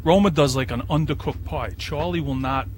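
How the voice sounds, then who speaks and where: A man's voice: fairly high pitch, normal speed, slight background noise. A man hosting a casual chat, rambling with lots of fillers as he talks about local spots. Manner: rambling, lots of "you know" and "like". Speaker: host.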